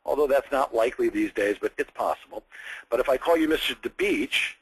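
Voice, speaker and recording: A man's voice: mid-range voice, brisk, slight background noise, poor audio. A man coaching a student on phone sales scripts, explaining step by step with direct examples. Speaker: sales trainer.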